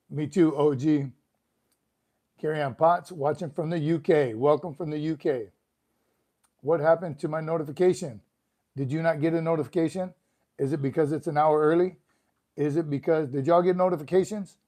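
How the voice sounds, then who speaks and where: A man's voice: a little high, a little mellow. Upbeat man chatting through a live stream. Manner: upbeat, chatty, greets viewers by name. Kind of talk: casual livestream chat reading comments. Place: room at home.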